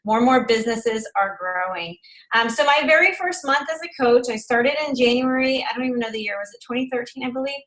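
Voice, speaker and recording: A woman's voice: fairly high pitch, fairly quick, a bit bright, rough recording. A woman hosting a team call, speaking in an emphatic, motivational way. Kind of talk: casual presentation on a group call.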